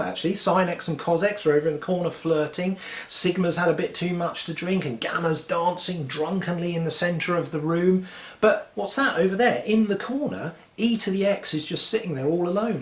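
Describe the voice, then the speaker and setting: A man telling science jokes in a lively way, dropping punchlines deadpan. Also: a little high. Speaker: host. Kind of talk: comic joke telling. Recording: echoey room with faint noise.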